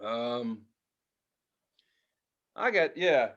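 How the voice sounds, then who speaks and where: A man co-hosting a podcast, telling a profane, animated story in casual chat, now and then shouting loudly. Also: medium pitch, very slow, lo-fi sound. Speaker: podcast co-host.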